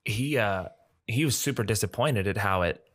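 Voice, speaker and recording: A man's voice: lowish voice, moderate pace. A man casually chatting about film adaptations on a podcast, hedging a lot. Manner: relaxed, hedging with "like" and "apparently". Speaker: podcast co-host.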